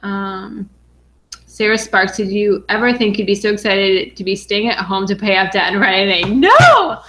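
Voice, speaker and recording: A young adult woman from Western Massachusetts, a finance vlogger excitedly reading viewer comments on a casual live stream, with lots of "um"s. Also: mid-range voice, moderate pace. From Western Massachusetts, USA. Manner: bubbly and excited, frequent "um"s.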